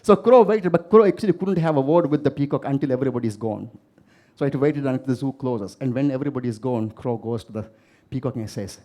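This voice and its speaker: A Maldivian keynote speaker talks fast in a warm, medium-pitched voice. Giving a motivational talk to a live audience, he tells stories and asks the audience questions.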